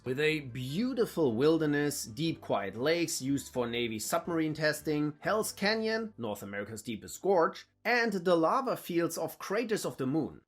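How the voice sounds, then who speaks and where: Man from Germany, scripted narration, husky voice, animated pitch, wry stereotype listing, faint music behind. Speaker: channel host.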